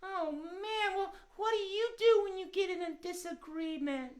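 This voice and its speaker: Max, a squeaky fretful cat puppet. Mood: eager. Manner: high squeaky voice, halting and repetitive. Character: friendly young cat puppet, earnest and fretful. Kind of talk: children's puppet show.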